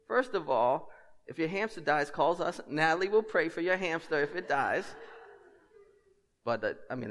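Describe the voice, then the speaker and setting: A man preaching a sermon as pastor, a lively storyteller who drops in humorous asides and swings between loud and hushed. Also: a little high, normal speed, big-room sound.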